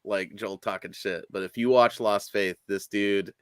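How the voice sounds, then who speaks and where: A man's voice: fairly low pitch, fairly even intonation, unhurried, fairly bright tone, smooth, dry recording, studio quality. A man hosting a podcast, talking in a laid-back, loose way with lots of fillers. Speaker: podcast host. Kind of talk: casual chat.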